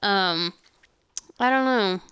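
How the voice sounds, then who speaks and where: A woman co-hosting a casual podcast, playful and quick to react, with a self-deprecating humor. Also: medium pitch, a bit bright, clear, resonant tone, no room sound, studio quality. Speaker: podcast co-host. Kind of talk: casual chat.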